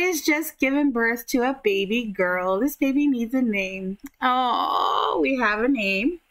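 Slow-talking woman narrating a life-sim game. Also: on the high side, expressive, a bit bright, poor audio. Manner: chatty, drawn-out, full of "like" and giggles. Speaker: gaming youtuber. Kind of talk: casual gameplay commentary.

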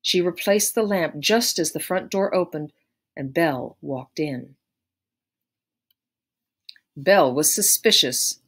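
A woman narrating a story aloud in a measured, expressive way. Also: low-pitched, husky. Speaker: audiobook narrator.

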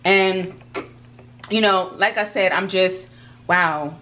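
A woman's voice: mid-range voice, slow, fairly bright tone, slight background noise. A woman hosting a casual eating vlog, talking in an emphatic, encouraging way, like an older cousin giving advice. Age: older than 22. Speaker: food vlog host. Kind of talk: casual mukbang chat.

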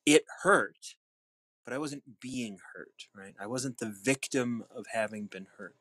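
A man hosting a daily reading show, reflecting aloud in a musing, unhurried way with some restarts. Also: mid-range voice, no room sound. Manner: musing, unhurried, with restarts and shifts into soft tones. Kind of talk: reflective reading and casual talk.

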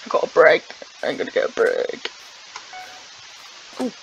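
A young woman commenting on her game casually, dramatic and whiny, swinging between loud outbursts and mumbles. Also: measured pace. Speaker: gamer. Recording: noisy background.

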